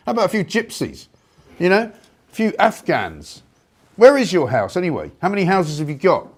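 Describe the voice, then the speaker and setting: A man's voice: fairly high pitch, very animated, normal speed, husky. Indignant man ranting on air. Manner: sarcastic, indignant, loud outbursts. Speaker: talk show host. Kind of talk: heated opinion rant on live talk radio.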